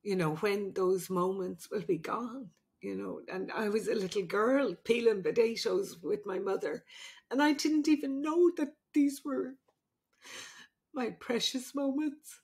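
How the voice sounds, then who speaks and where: An older woman, a podcast host and midwife, speaking tenderly through tears in a halting, emotional heart-to-heart with her daughter. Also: mid-range voice, fairly even intonation, gravelly, a little mellow. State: crying.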